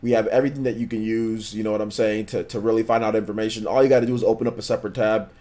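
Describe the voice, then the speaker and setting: Low-pitched male stream host, relaxed and slangy, loops back on his words. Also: rapid-fire. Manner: laid-back, slangy, repeats himself. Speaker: livestream host. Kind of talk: casual livestream chat, reading chat messages.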